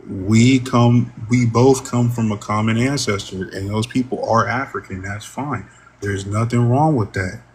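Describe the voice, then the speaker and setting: A man's voice: medium pitch, slight background noise. Exasperated man arguing in a debate. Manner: exasperated, argumentative, curses freely. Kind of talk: heated online debate.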